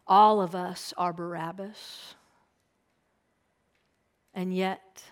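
Woman preacher, slow and earnest, sermon storytelling, hushed asides. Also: medium pitch, steady tone. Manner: earnest, drops to a hushed whisper for emphasis. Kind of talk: sermon retelling a gospel passage.

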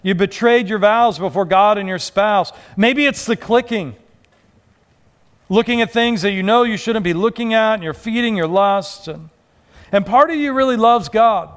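A man's voice: high voice, normal speed, fairly bright tone. A male pastor preaching a sermon in a conversational way, acting out quoted voices.

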